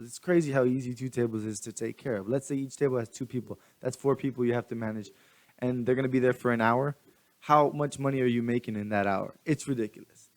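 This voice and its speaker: Rambling young man venting. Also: mid-range voice. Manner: rambling, animated, restarts often. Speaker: vlogger. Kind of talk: casual venting monologue.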